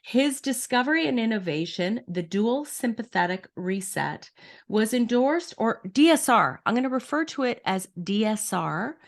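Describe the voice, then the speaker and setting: A woman hosting a podcast, reading her guests' introduction and then asking questions in a measured, deliberate way. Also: fairly high pitch, lively intonation. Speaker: podcast host.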